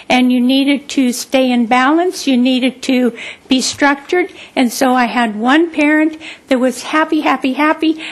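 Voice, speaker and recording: A woman telling her own life story to listeners, expressive and repeating words for emphasis. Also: high voice. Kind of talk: personal storytelling talk.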